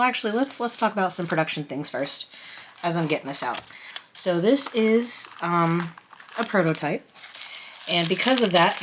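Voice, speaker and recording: Excited, flustered woman vlogger, low-pitched. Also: background noise. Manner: excited, flustered and rambling, with many restarts; emotional, close to tears. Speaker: tarot vlogger unboxing a deck. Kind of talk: casual chatty unboxing. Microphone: camera on a stand at a table.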